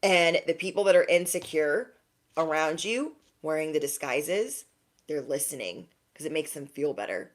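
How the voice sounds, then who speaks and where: A woman's voice: low voice, lively intonation, normal speed. A young woman giving a direct-to-camera spiritual pep talk as an intuitive reader, emphatic and slangy, often checking in with "okay?".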